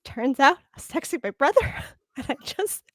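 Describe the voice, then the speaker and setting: A woman's voice: sits high, expressive, normal speed, dry recording, studio quality. A woman co-hosting a casual podcast chat, telling a story animatedly and laughing often. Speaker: podcast co-host.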